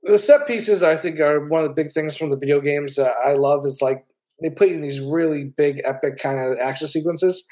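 A speaker giving quick, opinionated takes in a casual film review chat. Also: medium pitch, darkish tone.

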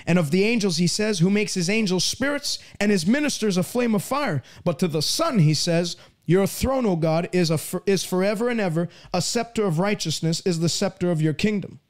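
A man preaching a sermon, reading scripture aloud with slow, emphatic stresses. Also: high voice, expressive.

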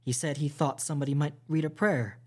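A podcast host with a fairly high-pitched voice reads a classic novel aloud as storytime narration. He stays steady and measured, with small slips.

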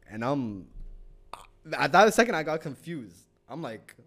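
A young man tells a story on a casual podcast chat. His voice is fairly high and swings widely in pitch. He swears freely and acts out everyone's lines as he goes. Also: normal speed. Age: young adult. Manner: animated, swears a lot, acts out quotes. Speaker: podcast co-host.

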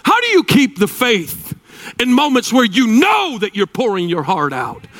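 Pastor, sermon, high pitch, shouts then hushes, repetitive cadence. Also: male voice, huge pitch swings, measured pace, faint music behind. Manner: shouting, dramatic swings between loud and hushed.

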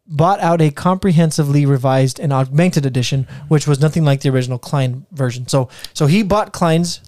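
A man co-hosting a casual history podcast, talking through his notes in a relaxed, loose way. His voice sits a bit high but mellow and dark, in a dry, close recording. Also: a little fast, no room sound. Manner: relaxed, retells history from notes with fillers and laughs. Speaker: podcast co-host.

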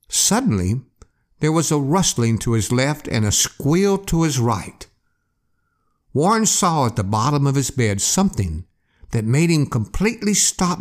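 A man hosting a podcast, telling a scary campfire story in a slow, expressive way. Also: medium pitch. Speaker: podcast host. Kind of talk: storytelling narration.

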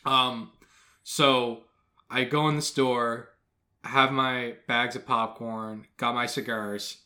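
A man's voice: mid-range voice, fairly even intonation, slow pace, pushed and bright. A young man co-hosting a podcast, telling rambling anecdotes in casual chat. He swears freely and laughs often. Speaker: podcast co-host.

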